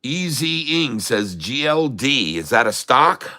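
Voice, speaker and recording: Taking his time, this day-trading streamer speaks in a mid-range voice with big pitch swings and a bright, forceful tone. The middle-aged host welcomes viewers cheerfully, reads their comments aloud, and pumps up the crowd.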